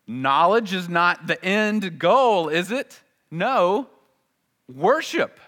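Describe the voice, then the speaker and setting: A man preaching a sermon, animated, asking the congregation rhetorical questions and acting out quotes. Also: mid-range voice. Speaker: pastor.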